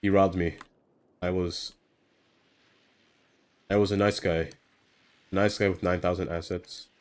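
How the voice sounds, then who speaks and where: Low-voiced man rambling while he builds. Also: flat delivery, unhurried. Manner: rambling, self-talking, trails off with fillers. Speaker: streamer. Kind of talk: casual live-stream commentary while building.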